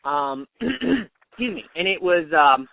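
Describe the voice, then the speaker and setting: A relaxed man co-hosting a casual podcast, his voice a touch high. He talks in an easygoing way with frequent laughs. The audio is narrow and phone-like, and the room is dry. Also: takes it slowly, creaky, no echo. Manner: easygoing, laughs often, many fillers. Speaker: podcast co-host, high school teacher. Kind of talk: casual chat. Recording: tinny phone-like sound, dry.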